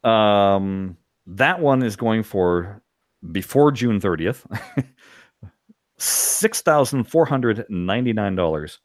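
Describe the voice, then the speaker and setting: A man's voice: fairly low pitch, lively intonation, slow pace, no echo, studio quality. A man hosting a podcast, chatting casually and animatedly, with frequent laughs. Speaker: podcast host. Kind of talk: casual chat.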